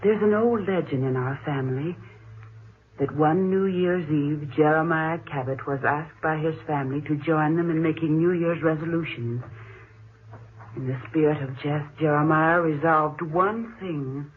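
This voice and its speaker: An actress in an old-time radio drama playing an earnest young woman who has inherited an old family house, speaking in a measured way. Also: sits low. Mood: explaining. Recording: muffled, hissy old radio transcription.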